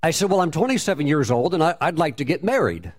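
A man, around his thirties, recounts a personal faith story in loose conversational speech, full of "you know" and restarts. His voice sits a little higher than usual for a man. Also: sing-song, fast talker. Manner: conversational, many fillers and restarts.

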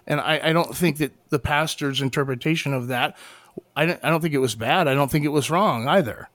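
Halting, high-voiced man chatting. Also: a bit bright, no echo. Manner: halting, many restarts and fillers, laughs often. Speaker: podcast co-host. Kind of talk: casual debate chat.

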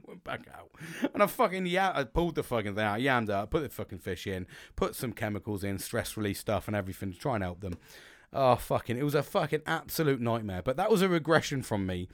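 A man's voice: fairly low pitch, lively intonation, a little fast, no echo. A man hosting a podcast, telling a rambling, sweary story in a casual monologue. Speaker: podcast host.

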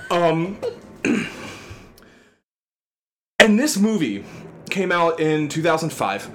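A man's voice: on the high side, big pitch swings, slow, a bit bright, a little hiss or hum. A man in his thirties co-hosting a podcast, ranting in casual chat with comic exasperation and frequent swearing. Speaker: podcast co-host.

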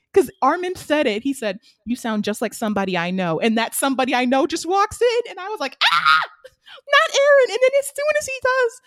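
A woman, co-hosting a casual anime recap chat and retelling scenes with excited, animated energy. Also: high voice, no echo, studio quality. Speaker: podcast co-host.

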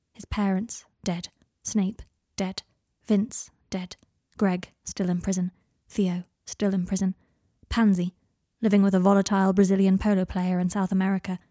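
A woman narrating a fan fiction audiobook in a calm, even reading voice. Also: medium pitch, dry recording, studio quality.

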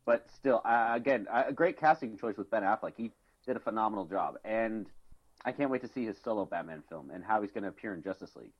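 A man's voice: fairly low pitch, lively intonation, fast, husky. A man co-hosting a podcast, rambling through casual chat with fillers, restarts and swearing. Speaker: podcast co-host. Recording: slightly dull lo-fi sound.

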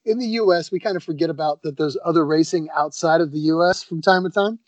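A man's voice: fairly high pitch, quick pace, no echo. A man co-hosting a podcast in casual chat, enthusiastic and laid-back, often saying "man" and "dude". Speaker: podcast co-host.

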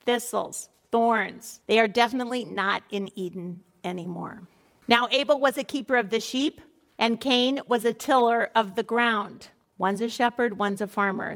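Middle-aged woman teaching scripture, slightly high voice. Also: vocal fry. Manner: conversational, mixing scripture reading with personal stories. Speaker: Bible study teacher.

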